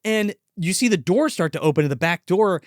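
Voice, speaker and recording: A man's voice: high-pitched, lively intonation, fairly quick, dry recording, studio quality. A man co-hosting a casual movie podcast, animatedly retelling scenes with crude swearing and acted-out quotes. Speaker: podcast co-host. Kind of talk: casual movie review chat.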